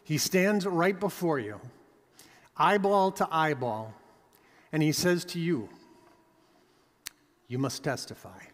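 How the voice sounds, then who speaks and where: A man's voice: fairly high pitch, lively intonation, slow, long pauses, big-room sound. A pastor delivering a sermon with emphatic preaching, his voice rising and dropping for effect.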